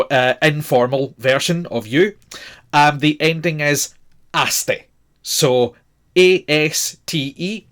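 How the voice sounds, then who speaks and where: A man's voice: a little high, a bit bright. A man in his forties teaching a grammar lesson, patient and methodical, spelling out words letter by letter with frequent fillers. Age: 40s. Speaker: language teacher.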